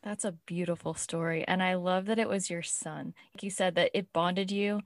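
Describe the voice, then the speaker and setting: A woman's voice: fairly low pitch, steady tone, moderate pace, no room sound, clean studio sound. A woman hosting a podcast interview, encouraging and responsive to her guest. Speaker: podcast host. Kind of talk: casual interview chat.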